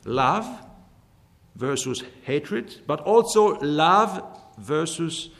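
A man preaching a sermon in a measured, emphatic way, slowly repeating his key phrases. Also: on the high side, expressive, creaky, a bit bright. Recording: long hall reverb.

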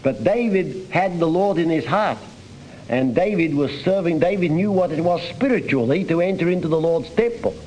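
A man's voice: on the high side, animated, normal speed, darkish tone, low-quality recording. A man preaching a sermon on a psalm, earnest and emphatic, reading scripture aloud between his own comments.

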